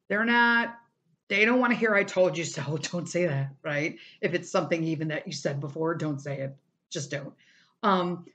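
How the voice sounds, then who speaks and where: A woman's voice: mid-range voice, a bit bright. A middle-aged woman hosting a podcast, giving casual advice in a chatty, emphatic way with lots of fillers. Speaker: podcast host.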